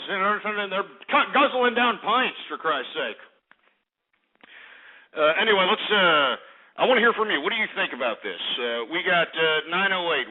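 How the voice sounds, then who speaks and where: A man hosting a call-in radio show, ranting in a profane, mocking, bombastic way. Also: high voice. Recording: tinny phone-line radio sound.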